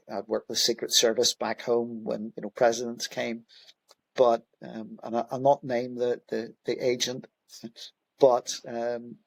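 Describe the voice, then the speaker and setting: A man's voice: medium pitch, vocal fry, a little mellow, no echo. A middle-aged man, a police commissioner, telling stories in an interview in a conversational way, with frequent fillers and restarts. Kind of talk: anecdotal interview storytelling.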